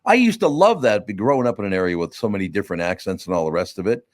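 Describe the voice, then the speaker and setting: Male talk-podcast host, lowish voice, gruff, opinionated, dry booth sound. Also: animated, very fast, dry recording. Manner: gruff, opinionated, reads news stories aloud. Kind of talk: casual talk-show banter.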